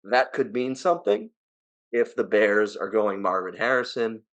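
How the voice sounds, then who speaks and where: A man's voice: on the low side, animated, moderate pace. Opinionated New Jersey-accented man ranting. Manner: opinionated, ranting, swears, rising to exasperated outbursts. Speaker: podcast co-host. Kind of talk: casual sports talk.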